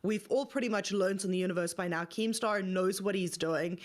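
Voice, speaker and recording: A woman's voice: mid-range voice, normal speed. Earnest, slightly nervous woman co-host. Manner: earnest, a little nervous, stumbles over words. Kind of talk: casual livestream chat.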